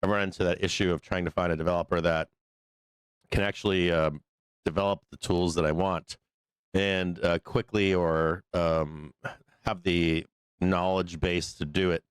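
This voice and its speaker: Male host, deep and smooth but going hoarse from illness, loose rambling delivery with fillers. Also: steady tone, moderate pace, no room sound. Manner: rambling, many fillers and restarts, hums to himself. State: losing his voice, still sick. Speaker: live stock market show host. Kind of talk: casual live-stream chat.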